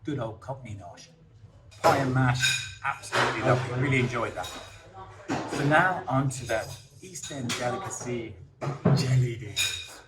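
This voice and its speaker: A man's voice: mid-range voice, normal speed. A man hosting a vlog in a casual, enthusiastic way, chatting as he tries food. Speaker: vlogger host. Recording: loud background noise.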